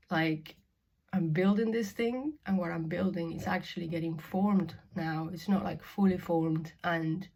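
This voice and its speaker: A young woman from Spain talking frankly to camera in a casual vlog, swearing freely and dropping to whispers. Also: lowish voice. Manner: frank and sweary, laughing often, swinging from loud to whispered. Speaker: spiritual vlogger. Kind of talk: candid casual monologue.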